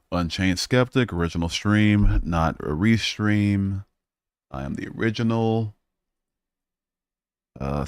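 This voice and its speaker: Male streamer, deep voice, dry close-mic sound, casual and profane chat. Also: a little mellow, dry recording. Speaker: livestream host.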